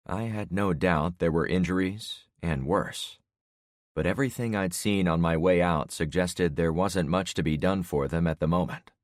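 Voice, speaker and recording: A man in his sixties narrating an audiobook in the first person with steady storytelling. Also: deep voice, normal speed, no echo, clean studio sound. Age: 60s.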